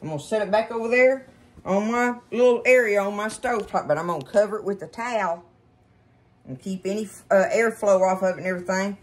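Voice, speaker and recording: A woman's voice: medium pitch, fairly quick. A woman hosting a casual home cooking demonstration in her kitchen, chatting folksily and calling her viewers y'all. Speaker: cooking show host.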